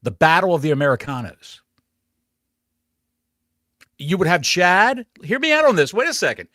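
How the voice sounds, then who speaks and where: A man co-hosting a wrestling podcast, trading excitable jokes in casual chat. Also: on the high side, dry recording, clean studio sound. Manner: excitable, joking banter. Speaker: podcast co-host.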